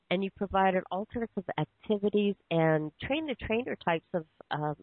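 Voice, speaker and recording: A woman podcast host asking questions in a phone interview, halting with fillers and restarts. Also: sits low, no room sound. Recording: tinny phone line, dry.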